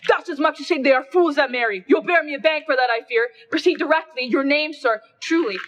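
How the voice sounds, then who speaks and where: A woman's voice: expressive, a little fast. A woman voicing a furious man from a Roman mob in a retold stage scene. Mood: bullying. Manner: shrill, furious shouting. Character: angry Roman mob man, shouting for blood.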